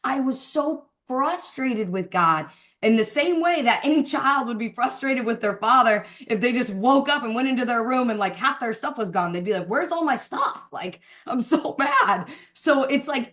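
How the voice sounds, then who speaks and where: A woman's voice: on the high side, expressive, fairly bright tone. A woman leading a Zoom call for her sales team, giving a fervent, preachy motivational talk about faith. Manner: fervent, preachy, speeds up and slows down for emphasis. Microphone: video call.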